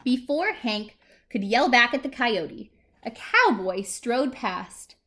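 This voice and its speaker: Lady librarian doing storytime for little kids, lively up and down voice, a bit high. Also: slow pace. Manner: animated, talks to small children. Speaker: children's librarian. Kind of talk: preschool storytime reading.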